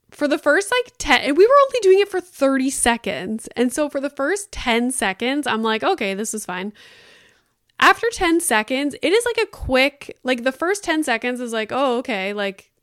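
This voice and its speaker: A woman's voice: a little high, no echo, clean studio sound. A woman hosting a casual solo podcast, chatting and swearing freely, filling her talk with "like" and acting out her own reactions. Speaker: podcast host.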